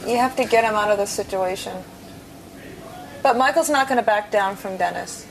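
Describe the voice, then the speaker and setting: A woman's voice: mid-range voice, normal speed, long pauses, slight background noise, rough recording. A woman chatting about a housemate's temper in a shared house, exasperated. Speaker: reality show housemate. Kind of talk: gossipy chat. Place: large room in a house.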